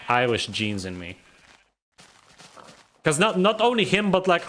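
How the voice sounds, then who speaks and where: A man's voice: fairly high pitch, fairly bright tone, slight background noise. A man from the Balkans, streaming a game and chatting casually, grumbling and rambling as he laughs at himself.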